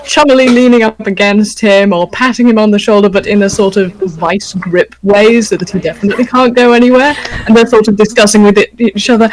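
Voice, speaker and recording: A woman's voice: mid-range voice, fairly even intonation, fairly quick, rough recording. A woman playing in a tabletop game, describing her character's moves in a playful way. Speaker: player. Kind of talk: tabletop role-play.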